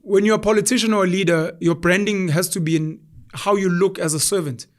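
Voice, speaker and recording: Young south african guy hosting a podcast, highish voice, lively storytelling. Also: a little fast. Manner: animated storyteller acting out quoted voices. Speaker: podcast host. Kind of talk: casual conversation.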